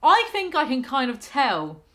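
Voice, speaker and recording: A woman's voice: high voice, huge pitch swings, unhurried, fairly bright tone. Sarcastic woman mocking a news story. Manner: sarcastic, mocking, laughs at her own jokes. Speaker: commentary vlogger. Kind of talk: reading a news story aloud with sarcastic asides.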